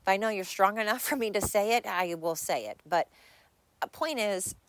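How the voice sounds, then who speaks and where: A woman's voice: mid-range voice, expressive, normal speed, dry recording. A woman hosting her own podcast, talking bluntly and candidly in a rambling solo monologue. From United States. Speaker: podcast host.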